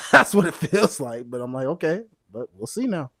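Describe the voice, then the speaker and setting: Brief: male co-host, slightly high voice, lively swings in pitch, dry close mic. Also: moderate pace, husky, dry recording. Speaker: podcast co-host. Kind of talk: casual wrestling chat.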